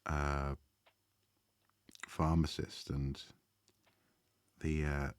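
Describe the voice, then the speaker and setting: A man chatting casually to viewers as he draws on a live stream, relaxed and thinking aloud, often trailing off mid-sentence. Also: a bass voice, very slow, smooth, no room sound. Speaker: art streamer. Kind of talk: casual chat while drawing live.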